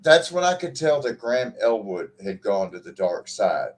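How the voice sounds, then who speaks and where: A man's voice: lowish voice, big pitch swings, moderate pace. A man co-hosting a casual podcast chat, ranting with profanity and frequent restarts. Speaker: podcast co-host.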